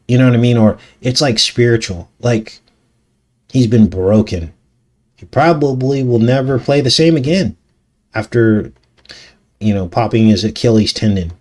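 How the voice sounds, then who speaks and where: A man's voice: mid-range voice, normal speed, darkish tone. A man hosting a casual live talk show, reading news articles aloud with skeptical, conversational asides. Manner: conversational, skeptical, laughs often, rhetorical asides. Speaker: channel host.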